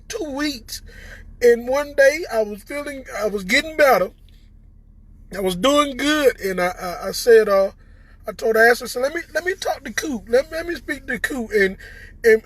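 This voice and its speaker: A man with a Southern American accent giving an emotional personal testimony to viewers, tearful and halting, stammering and repeating words as his voice breaks. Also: very high-pitched, no room sound. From Southern United States. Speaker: recovered patient addressing viewers.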